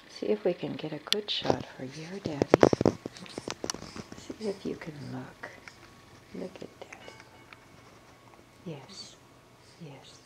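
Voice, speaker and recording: An older woman, a grandmother, cooing baby talk to her newborn granddaughter in a gentle, sing-song way, repeating herself and often dropping to a hush, recorded at home on a handheld camera. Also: on the low side, noisy background. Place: living room at home.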